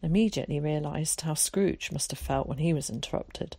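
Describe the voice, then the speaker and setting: A woman narrating an audiobook in a calm, measured way. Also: low-pitched, no room sound.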